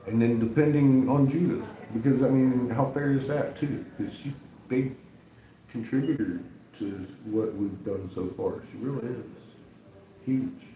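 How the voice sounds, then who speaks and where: A man's voice: mid-range voice, measured pace, warm tone. A man, chatting casually on a livestream, rambling and chuckling often. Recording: echoey room, faint background noise.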